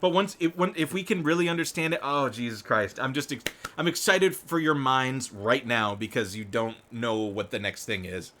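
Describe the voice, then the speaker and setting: A man's voice: medium pitch, moderate pace, bright, forceful tone, a little hiss or hum. A man hosting live political commentary, reading news aloud and breaking in with rambling, swearing asides and frequent laughs. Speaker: show host.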